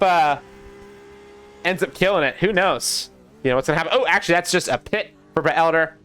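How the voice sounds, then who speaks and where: A young man casting a sim racing league live, chatty and excitable, talking to his co-caster and to the chat. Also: on the high side, brisk. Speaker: race caster.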